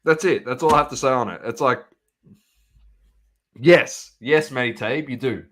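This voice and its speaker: A man's voice: mid-range voice, moderate pace, a bit bright. A man co-hosting a casual podcast, ranting emphatically and repeating his points. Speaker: podcast co-host. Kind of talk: casual chat.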